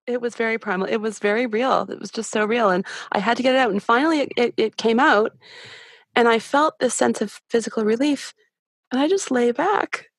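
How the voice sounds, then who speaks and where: A middle-aged woman guest telling her story candidly, with many halting restarts. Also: on the high side, no room sound, studio quality. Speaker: podcast guest. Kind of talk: personal storytelling.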